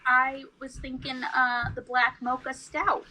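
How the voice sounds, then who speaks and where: A woman's voice: high-pitched, takes it slowly, noisy background. A woman co-hosting a casual podcast chat, telling stories animatedly and acting out the quotes. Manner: animated storyteller, acts out quotes. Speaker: podcast co-host.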